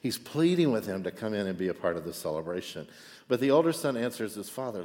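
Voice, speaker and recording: Conversational pastor in an echoey hall. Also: male voice, fairly low pitch, fast talker. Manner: conversational, frequent "right?" asides, animated. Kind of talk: sermon.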